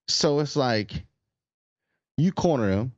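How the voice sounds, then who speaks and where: A man's voice: mid-range voice, expressive, slow, no echo, highs cut off. A man co-hosting a podcast in casual sports chat, laid-back and slangy, often restarting his sentences. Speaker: podcast co-host.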